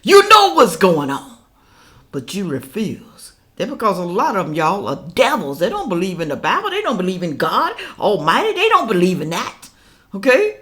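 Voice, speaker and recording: A woman ranting to her viewers in a vlog, scolding and preachy, swinging from loud outbursts to hushed asides. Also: medium pitch, sing-song, normal speed. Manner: preachy, scolding, addresses viewers as y'all and people. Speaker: political commentary vlogger. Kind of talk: casual reaction vlog rant.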